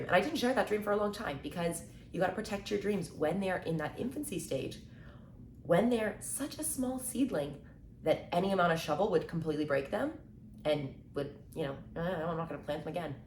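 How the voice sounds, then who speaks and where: A young woman in her twenties talks motivation straight to camera in a chatty, upbeat way, her voice sitting a little low. She often acts out short back-and-forth exchanges and leans on "like" and "right?" as she goes. The room echoes around her, and a faint hum of ambience sits behind her voice. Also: animated, fairly quick, a little mellow. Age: 20s. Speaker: mindset content creator. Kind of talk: casual motivational talk to camera.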